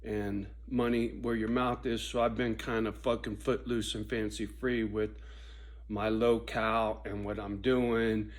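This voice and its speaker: A man in a profane casual monologue, swinging from a loud, preachy rant to low muttering. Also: little pitch movement, measured pace. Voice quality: swears constantly, preachy and intense. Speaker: vlogger.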